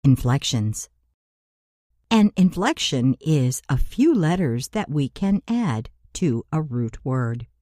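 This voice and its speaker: A woman narrating a scripted grammar lesson as an English teacher, speaking deliberately and spelling out letters for learners. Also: sits low, darkish tone, no room sound, clean studio sound.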